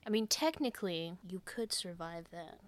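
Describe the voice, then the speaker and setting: A woman's voice: on the low side, lively intonation, moderate pace, no echo. A woman co-hosting a podcast, chiming in with teasing, sarcastic remarks in casual chat. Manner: teasing, sarcastic interjections, mock voices. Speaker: podcast co-host.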